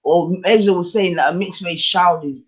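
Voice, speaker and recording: Man, podcast co-host, thinks out loud, keeps asking if you follow. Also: sits high, normal speed. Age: adult with children. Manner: musing aloud, keeps checking the listener follows. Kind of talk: casual chat.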